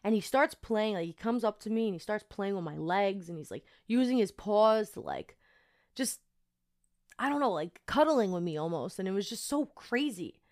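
A young woman tells a personal story on her podcast in a loose, chatty way. Her voice sits at a middle pitch, and she fills her talk with casual fillers as she goes. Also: normal speed. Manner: chatty and animated, many fillers. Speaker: podcast host.

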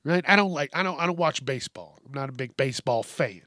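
A man's voice: on the high side, animated, brisk, hardly any pauses, fairly bright tone, no echo. Profane ranting man, dry close sound. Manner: profane, exasperated ranting with bursts of laughter. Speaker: podcast host. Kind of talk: ranting comedic news podcast.

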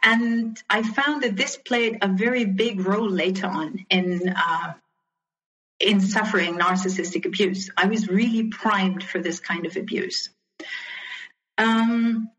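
A woman in her fifties speaks in an earnest, reflective way, pausing on ums and restarting her sentences as she tells her own story. Her pitch sits in an ordinary middle range. The sound is dull and lo-fi, like a remote call. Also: a bit bright. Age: 50s. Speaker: interview guest. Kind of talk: personal storytelling in an interview.

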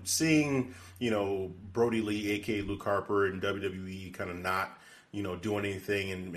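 Podcast co-host, male, lowish voice, casual and rambling, heavy on fillers. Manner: rambling, many "you know" fillers. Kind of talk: casual chat.

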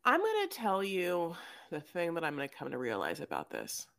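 A woman's voice: on the low side, huge pitch swings, vocal fry, a bit bright. A woman co-hosting a podcast, recapping a reality show in casual, profane chat and acting out quotes. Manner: fast, profane, acts out quotes in silly voices. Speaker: podcast co-host.

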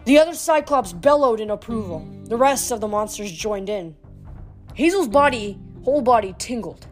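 A woman reading a fantasy novel aloud, narrating with steady, lightly dramatic delivery. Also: on the high side, moderate pace, faint music behind. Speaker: audiobook reader. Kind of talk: storybook reading.

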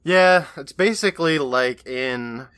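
A man's voice: a little high, slow pace, fairly bright tone, clean tone. A man co-hosting a podcast, reacting with wry jokes and frequent laughter. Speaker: podcast co-host. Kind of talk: casual chat.

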